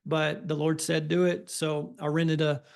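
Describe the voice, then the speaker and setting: A middle-aged man, a family doctor, telling his story in an interview with a folksy, energetic manner. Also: on the high side, unhurried, creaky. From Texas.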